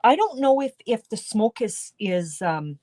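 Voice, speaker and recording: A woman's voice: fairly high pitch, very animated, unhurried, dark tone, no echo. A middle-aged woman demonstrating card making on a live stream, chatty and talking viewers through each step, with a tickle in her throat. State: throat tickle, coughing now and then. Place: home craft studio.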